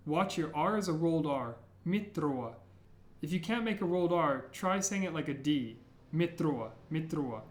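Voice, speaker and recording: A man teaching the letters of an alphabet as a language teacher, slowly repeating each sound clearly for beginners. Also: on the high side, reverberant. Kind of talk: slow, careful alphabet lesson.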